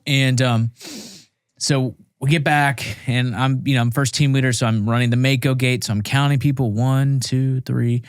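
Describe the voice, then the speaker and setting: A man's voice: medium pitch, normal speed, clean tone, dry recording, studio quality. A man in his thirties, a former Marine, telling a war story casually on a podcast, joking and acting out the people in it. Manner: animated, self-mocking, acts out dialogue. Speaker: podcast guest, Marine veteran.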